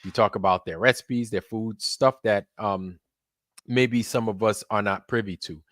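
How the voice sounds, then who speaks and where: A man's voice: lowish voice, unhurried, fairly bright tone, no echo. A man hosting a live stream, chatting casually with his viewers in a laid-back, talkative way, laughing often. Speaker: livestream host.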